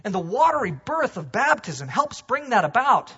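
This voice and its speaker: A man preaching a sermon to his congregation, animated, swinging from loud emphasis to hushed low asides. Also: normal speed, husky, highs cut off. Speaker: pastor. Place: church sanctuary.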